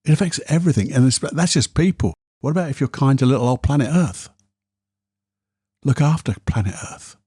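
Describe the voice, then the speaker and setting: A man's voice: mid-range voice, animated, a little fast, warm tone, breathy edge, no room sound, studio quality. A man hosting a solo podcast, telling candid, self-deprecating stories. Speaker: podcast host.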